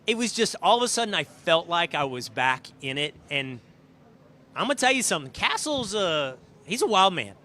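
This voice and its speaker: A middle-aged male host tells backstage stories with animated emphasis, pushing key words hard. His voice sits a bit high and sounds bright and forceful. He talks casually from a green room. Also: moderate pace. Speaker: show host. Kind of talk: casual storytelling and show preview. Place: green room at a live event.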